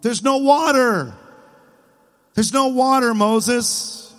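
A whiny, nasal wanderer moans his complaints in a high, pinched voice, as a preacher acts him out. His pitch sits well above a man's usual range. A long hall reverb trails every phrase. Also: animated, slow pace, a bit bright, full character voice.

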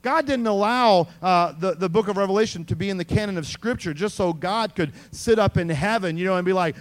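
Animated, high-voiced male pastor preaching. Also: fairly quick, hardly any pauses. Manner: animated, repeats words, calls on the congregation. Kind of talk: sermon.

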